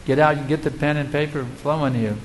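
A man's voice: fairly high pitch, steady tone, brisk, slight background noise, low-quality recording. A man who is a spiritual teacher, answering audience questions in a devotional lecture. He speaks rhetorically and emphatically, often asking his listeners questions.

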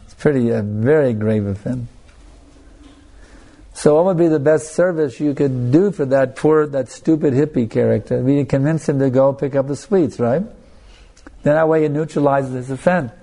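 A man preaching in a relaxed, conversational way, turning to his listeners again and again. His voice is mellow and dark with a gravelly fry running through it, and he restarts his sentences often as he tells his story. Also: medium pitch, moderate pace. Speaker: spiritual teacher. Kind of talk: anecdotal sermon.

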